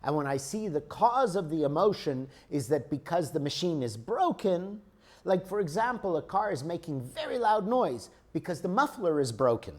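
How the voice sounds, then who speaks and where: A man's voice: a little high, slightly rough. A man lecturing a group on emotions, explaining with everyday examples and often checking in with "okay?". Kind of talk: spiritual teaching lecture.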